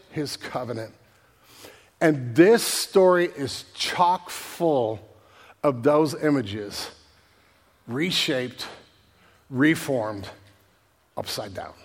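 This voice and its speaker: A man's voice: high-pitched, in a large hall. A man preaching a sermon in a conversational way, often checking in with his listeners and repeating words as he goes. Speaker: pastor.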